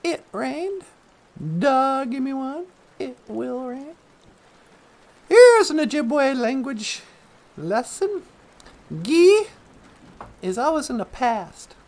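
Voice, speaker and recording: A woman's voice: high voice, very animated, slow pace, pauses often, a little mellow. A woman hosting a comedic talk show, easygoing and playful, taking her time. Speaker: host.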